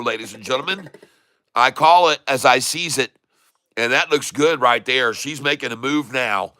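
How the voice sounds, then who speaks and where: A man hosting a casual stock trading livestream, folksy and excitable, chatting to viewers while he trades. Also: mid-range voice, moderate pace, smooth, dry recording, clean studio sound. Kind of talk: casual live market commentary.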